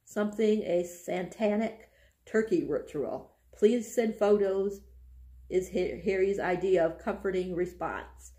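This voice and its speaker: A woman's voice: medium pitch, measured pace, warm tone. Giggly woman reading from her book diary. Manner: reads passages aloud with frequent giggling. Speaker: book vlogger. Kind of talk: casual book reading and chat.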